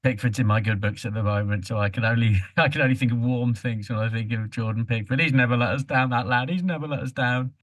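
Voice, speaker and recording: Male podcast co-host, mid-pitched, joking and irreverent, cheerfully crude, dry close mic. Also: fairly even intonation, fast talker, hardly any pauses, a bit bright, no room sound. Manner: playful, teasing, swears freely. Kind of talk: casual podcast chat.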